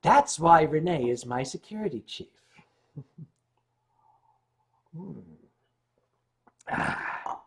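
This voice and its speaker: A man hosting a livestream, telling a long anecdote in a lively way and clearing his throat often between beats. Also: fairly high pitch, very slow, pauses often. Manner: animated retelling with shifting loudness. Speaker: livestream host. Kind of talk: anecdotal storytelling.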